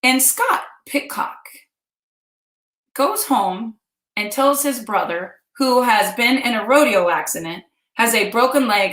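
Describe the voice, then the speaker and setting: A woman's voice: fairly high pitch, fairly bright tone. A woman in her fifties from Kansas, chatting animatedly as she tells her viewers a personal story. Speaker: vlog host. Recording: roomy echo.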